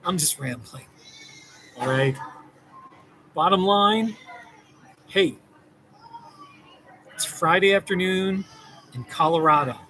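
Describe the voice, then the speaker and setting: A man's voice: high voice, animated, slow, pauses often, pushed and bright, a little hiss or hum, poor audio. Rambling, reassuring man therapist. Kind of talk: casual direct-to-camera talk.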